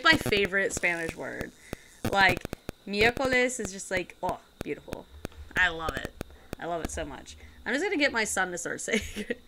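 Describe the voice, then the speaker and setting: A woman's voice: medium pitch, sharp tone, slight background noise. A woman streamer chatting casually while she plays a game, rambling and giggling as she goes. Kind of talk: casual gaming chat.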